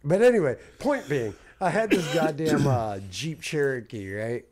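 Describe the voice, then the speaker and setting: A man, co-hosting a podcast. He talks casually and profanely and reacts with laughs and quick quips. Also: a little high, lively intonation, darkish tone. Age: 40s. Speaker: podcast co-host. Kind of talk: casual chat.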